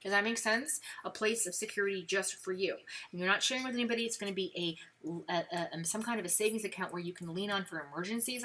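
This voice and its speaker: A woman with a Brooklyn accent giving a chatty live-stream tarot reading, talking straight to the viewer with plenty of fillers. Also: medium pitch. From New York. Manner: chatty, animated, lots of fillers. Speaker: tarot reader.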